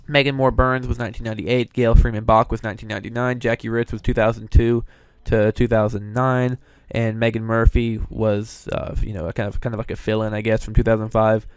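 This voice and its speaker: A man's voice: lowish voice, flat delivery, brisk, clean tone, no room sound, clean studio sound. A young man hosting casual commentary, an opinionated, chatty fan. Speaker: show host reviewing voice actors.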